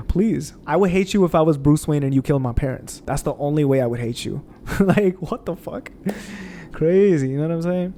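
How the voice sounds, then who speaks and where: Expressive, profane young man ranting. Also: fairly high pitch, normal speed, slight background noise. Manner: expressive, profane, animated rants. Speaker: gaming streamer. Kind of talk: casual storytelling over gameplay. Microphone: condenser mic on desk.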